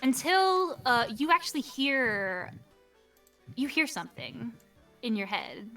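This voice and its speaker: A woman running a tabletop game with a high, bright voice, narrating chattily with plenty of fillers. She sits back from the mic, and faint music plays underneath. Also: sing-song, takes it slowly, distant mic. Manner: chatty, hesitant with fillers, laughs often. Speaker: game master.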